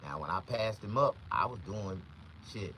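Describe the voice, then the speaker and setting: A man, a comedian, telling profane comic stories in an animated, loud way from inside a vehicle. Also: lowish voice, moderate pace, slight background noise, poor audio. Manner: loud, animated, acts out voices.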